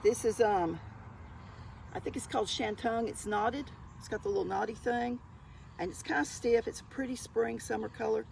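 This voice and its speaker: A woman's voice: a little high, normal speed, gravelly, darkish tone, a little hiss or hum, low-quality recording. An older woman with a Southern US accent, chatting in a folksy way as she shows off her thrift finds to viewers. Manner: chatty and folksy, keeps calling the viewers y'all. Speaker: thrift haul vlogger. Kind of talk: casual show-and-tell haul.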